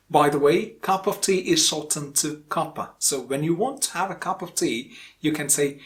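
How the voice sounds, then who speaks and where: A man with a slightly high voice teaches English pronunciation. He speaks deliberately and says example phrases more than once so learners can follow them. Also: fairly bright tone. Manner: deliberate, repeats example phrases slowly for emphasis. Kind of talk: explanatory lesson.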